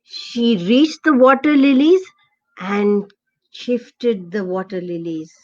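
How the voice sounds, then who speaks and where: A woman telling a children's story aloud, expressive and asking the listener questions along the way. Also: fairly high pitch, slow, lo-fi sound.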